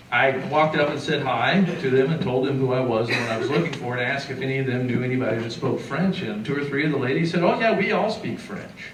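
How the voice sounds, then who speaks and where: A middle-aged man from southeastern Illinois telling a story to a live audience, acting out the quotes in a lively, folksy way. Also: mid-range voice, a little hiss or hum. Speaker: musician and folklorist. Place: lecture hall. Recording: echoey hall recorded from far off.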